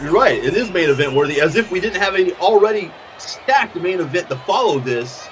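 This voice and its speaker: A man calling a wrestling show as play-by-play commentator, excitable and tripping over his words. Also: high-pitched, a little fast, faint music behind.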